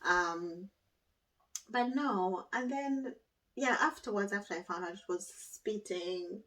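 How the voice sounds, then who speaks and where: A woman's voice: medium pitch, slow, a bit bright, distant mic, low-quality recording. A woman chatting casually as a guest, laughing often and trailing off as she tells her story. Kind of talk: casual chat.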